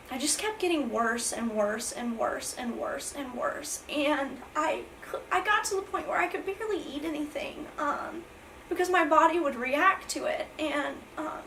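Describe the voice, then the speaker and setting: Young girl vlogging, high voice, teary and rambly, lots of ums, bit far from the mic. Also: fairly bright tone, slight background noise. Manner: rambling, halting, many fillers and restarts. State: near tears, voice breaking. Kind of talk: emotional storytime vlog.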